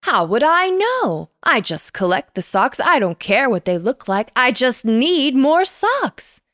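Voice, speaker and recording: A woman voicing a grumpy, always-cold male sock monster in a bedtime story, speaking bluntly, slowly and loudly. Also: sits high, big pitch swings, no echo, studio quality, full character voice. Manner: blunt, slow and loud.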